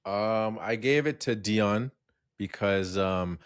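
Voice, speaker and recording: Laid back guy on a movie podcast, kinda low voice, dry mic, agrees a lot and laughs. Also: takes it slowly, clear, resonant tone, no echo. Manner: relaxed, agreeable, laughs often. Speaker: podcast co-host. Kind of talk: casual film review chat.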